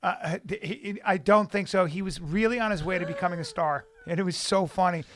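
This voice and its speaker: A man's voice: high-pitched, fast, a bit bright, no room sound. A man co-hosting a podcast in a studio, telling stories animatedly and swearing freely. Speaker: podcast co-host. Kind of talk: casual chat.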